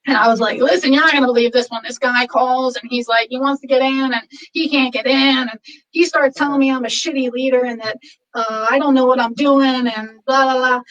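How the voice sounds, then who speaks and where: A woman's voice: high voice, normal speed, recorded from a distance, dull audio. A woman who owns a massage studio, casually telling a story and acting out what people said. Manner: animated, quotes people in lively voices.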